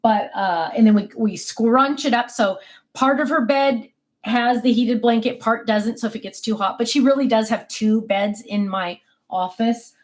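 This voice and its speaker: A middle-aged woman casually chatting on a home craft livestream, reading viewer comments and rambling with many ums. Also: moderate pace. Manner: calls out to her dogs in a high sing-song voice. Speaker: livestream host of a craft channel. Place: home office.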